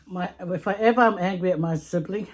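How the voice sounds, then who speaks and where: Talking briskly in a fairly low voice, this Samoan English-accented vlogger chats through a casual storytime video as she eats. She's talkative, laughs a lot, and repeats herself.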